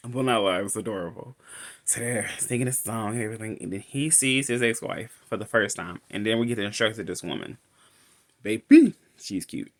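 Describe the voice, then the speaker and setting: A man's voice: fairly low pitch, fairly quick, a bit bright. A man casually recapping a film as a reviewer, rambling and restarting his sentences. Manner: rambling, restarts often, laughs between lines. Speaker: movie reviewer.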